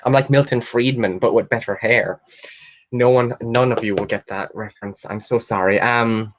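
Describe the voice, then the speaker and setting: Young man, mid-pitched voice, chatty, swears a lot, excitable, muffled lo-fi webcam sound. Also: normal speed. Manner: chatty and excitable, swears freely, bursts into loud squeals of delight. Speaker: book vlogger hosting a live Q&A. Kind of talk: casual livestream chat, reading out viewer questions. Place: at home, sitting in a chair.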